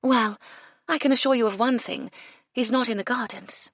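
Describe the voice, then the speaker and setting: A woman voicing a mystical, condescending bohemian woman who speaks in drawn-out, mysterious murmurs. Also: on the high side, no echo, studio quality, voice pushed up. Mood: eerie.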